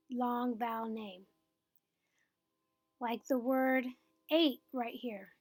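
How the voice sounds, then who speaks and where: A woman's voice: high-pitched, dry recording, clean studio sound. A woman teaching a phonics lesson, explaining patiently step by step and checking in with her students.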